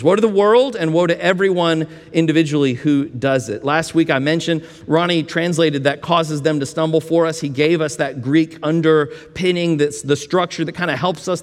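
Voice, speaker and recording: A man preaching a sermon in a conversational way, with folksy asides and frequent restarts. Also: on the high side. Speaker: pastor. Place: church sanctuary. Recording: long reverb of a church hall.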